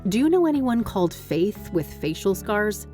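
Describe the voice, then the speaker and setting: A woman plays a brisk, questioning woman in a detective adventure game. Her mid-range voice moves lively up and down. Faint game music sits behind her. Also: mid-range voice, lightly acted.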